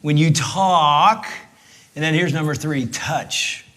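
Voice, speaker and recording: A middle-aged man gives a marriage talk at church in a slightly high voice. He speaks directly and emphatically, pressing the men in the audience with pointed questions. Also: slow, pushed and bright. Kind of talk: conversational church teaching.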